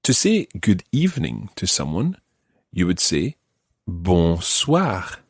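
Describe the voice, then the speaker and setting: Scottish man, language teacher, low husky voice, dry close studio sound, patient. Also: huge pitch swings, dry recording. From Scotland. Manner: patient, slow careful modelling of words. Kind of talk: podcast language lesson.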